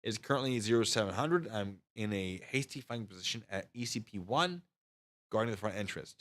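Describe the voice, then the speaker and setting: A man's voice: lowish voice, brisk. A man in his thirties telling army training stories to his live chat in a casual way, acting out the other voices. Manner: animated, acts out voices with loud shouts. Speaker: channel host recounting army training.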